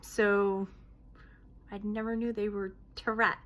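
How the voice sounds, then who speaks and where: A woman in her late thirties chatting casually as she answers viewer questions, her talk broken by sudden hoots, outbursts and throat clearing. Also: mid-range voice, little pitch movement, slow pace, fairly bright tone. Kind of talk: casual Q&A vlog.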